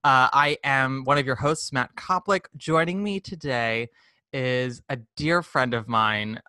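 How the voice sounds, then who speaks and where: A man hosting a podcast in casual chat, animated, playful and campy. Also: medium pitch, dry recording, clean studio sound. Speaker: podcast host.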